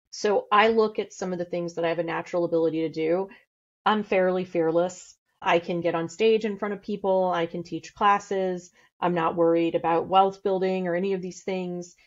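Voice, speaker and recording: Woman, middle-aged, blunt, candid, podcast guest, slightly muffled recording. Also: lowish voice. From St. Louis, USA. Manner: blunt, candid and fast-talking. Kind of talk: casual interview talk.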